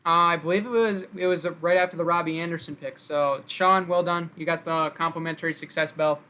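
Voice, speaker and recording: Announcing draft picks on a live stream via online call, this host keeps the play-by-play upbeat and casual and thanks viewers along the way. His voice is a little high, fairly even, brisk, bright, forceful, and smooth.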